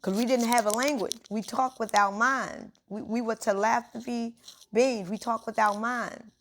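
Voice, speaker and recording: A woman's voice: a little high, steady tone, moderate pace, slight background noise. Emphatic woman giving a casual spiritual talk. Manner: informal and emphatic, addressing listeners directly. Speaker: spiritual speaker.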